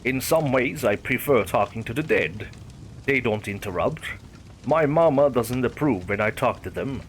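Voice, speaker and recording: A man's voice: medium pitch, animated, normal speed, a little hiss or hum, natural voice. A man voicing a cheerful, teasing male kidnapper who buries people alive, talking in a careless, matter-of-fact way.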